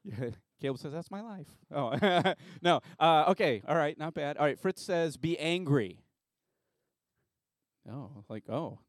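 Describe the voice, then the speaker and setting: A man's voice: on the high side, expressive, measured pace, no echo, studio quality. A man preaching a sermon as pastor in a church, joking around with a game at first and then turning earnest and reflective. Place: church sanctuary.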